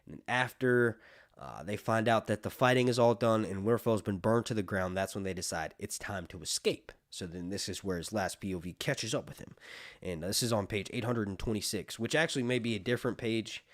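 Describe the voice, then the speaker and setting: A man hosting a casual fantasy book review, excitable and chatty, laughing easily between asides. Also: fairly low pitch, a little fast. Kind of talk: casual chat and book reading.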